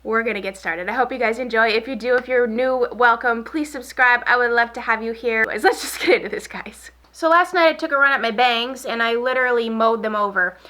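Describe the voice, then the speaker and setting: A woman beauty vlogger in a relaxed get-ready-with-me chat, rambling and repeating herself while she applies makeup. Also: on the high side, brisk, hardly any pauses. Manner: talks while applying makeup.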